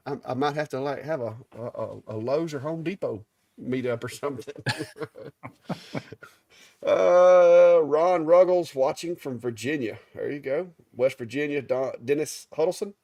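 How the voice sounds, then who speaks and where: A man's voice: a little high, moderate pace, warm tone, no echo. A middle-aged man with a Southern Alabama accent, co-hosting a live stream in an easygoing drawl and stumbling over names. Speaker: live show co-host. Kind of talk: casual live-stream chat.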